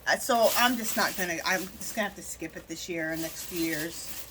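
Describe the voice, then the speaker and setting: A woman's voice: fairly low pitch, fairly quick, noisy background. A woman chatting casually in a craft haul vlog, telling a rambling story with plenty of restarts and asides. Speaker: craft vlogger.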